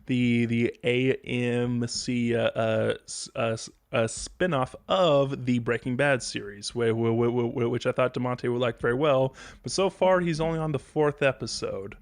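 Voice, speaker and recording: A man's voice: mid-range voice, steady tone, measured pace, few pauses, no room sound. Stammering male podcast host, dry sound. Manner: stammering, repeats words a lot. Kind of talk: casual chat.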